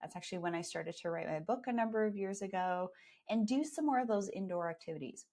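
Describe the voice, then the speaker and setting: A woman's voice: mid-range voice, expressive, fast, mellow. A woman with a Canadian accent hosting a live podcast, talking in a chatty, upbeat, promotional way. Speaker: podcast host and skincare educator.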